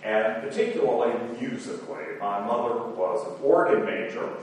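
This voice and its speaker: A man's voice: mid-range voice, expressive, normal speed, a little mellow, slight background noise. A man moderating a conference, giving formal remarks with dry self-deprecating humor. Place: lecture hall. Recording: roomy hall from far off.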